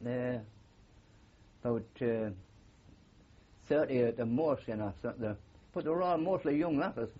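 A man's voice: medium pitch, measured pace, slightly rough, muffled recording. An older man with a Geordie accent, a war veteran telling rambling stories with many fillers in an oral history interview. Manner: rambling anecdotal storytelling with frequent fillers.

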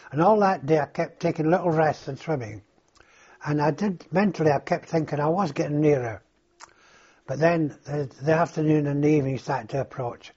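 Older guy telling his story slow and halting, husky voice, dull muffled recording. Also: a little high, a little mellow. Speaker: interviewee. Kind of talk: oral history recollection.

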